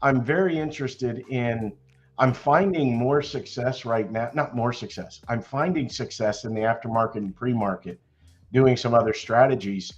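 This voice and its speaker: An older man chatting loudly and cheerfully on an online call about trading, laughing often. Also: mid-range voice, normal speed, muffled recording, faint music behind. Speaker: stock trading chat member. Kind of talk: casual chat.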